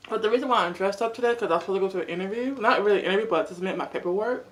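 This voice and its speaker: A woman's voice: medium pitch, rapid-fire. A young woman in a casual, rambling chat while she eats, using "like" a lot. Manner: chatty, rambling, lots of "like". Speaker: mukbang vlogger.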